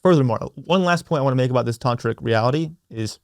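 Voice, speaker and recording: A young man hosts his own podcast, talking in an earnest, reflective way. He circles back and repeats his key phrases with slow emphasis. His voice sits at an ordinary middle pitch, recorded close and dry with no room sound. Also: dry recording. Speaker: podcast host. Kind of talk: reflective solo podcast talk.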